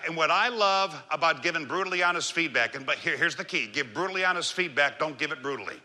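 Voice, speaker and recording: A man delivers a keynote on leadership to a live audience, his pitch leaping and dropping with lively range. His voice is very bright and sharp, and he moves between forceful emphasis and a low, slow, calm register. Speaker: leadership speaker. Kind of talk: motivational keynote talk.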